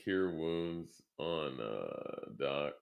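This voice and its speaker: Player, male, very low voice, easygoing, quick to laugh. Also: animated, vocal fry. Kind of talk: casual tabletop game chat.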